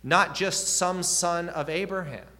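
A man's voice: sits high, measured pace, sharp tone. A man preaching a sermon, earnest, with rising and falling emphasis and questions put to the listeners.

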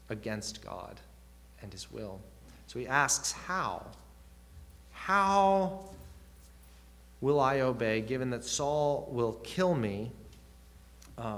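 A man's voice: medium pitch, fairly bright tone, slight background noise. A man preaching a sermon, earnest, with rising and falling emphasis and questions put to the listeners.

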